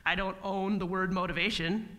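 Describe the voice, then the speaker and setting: A woman giving a spiritual talk to a live audience in a meeting hall, playful and animated, acting out little mock dialogues. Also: medium pitch, normal speed, dull audio. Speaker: guest speaker.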